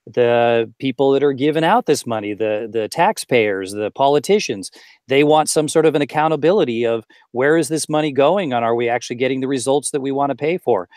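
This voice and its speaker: A man co-hosting an interview, a teacher who asks earnest, rhetorical questions. His voice is mid-pitched. The sound is dry, with no echo. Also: brisk, a little mellow. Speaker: co-host, teacher.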